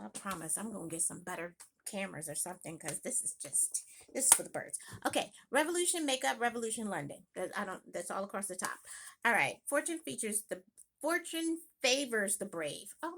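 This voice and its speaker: A woman talks through her makeup collection at home in a casual vlog. She thinks aloud and breaks into quick exclamations. Her voice is a little high, bright and gravelly, with a soft hiss underneath. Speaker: beauty vlogger. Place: home room.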